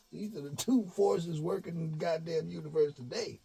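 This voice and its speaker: A man giving a preachy monologue to his followers, animated and full of slang, swinging from shouts to low mutters. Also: vocal fry, husky. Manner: streetwise slang with cursing. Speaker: online speaker addressing followers.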